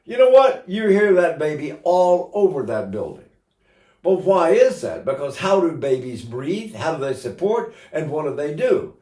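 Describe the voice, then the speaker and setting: A man's voice: fairly high pitch, very animated, moderate pace, darkish tone. A man in his eighties giving an informal singing lesson as a voice teacher, talking in a chatty way with joking asides. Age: 80s. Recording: roomy echo.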